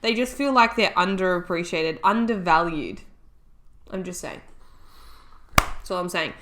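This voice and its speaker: A woman's voice: on the low side, expressive, measured pace, a bit bright. A woman co-hosting a casual podcast chat, teasing and mock-indignant. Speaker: podcast co-host.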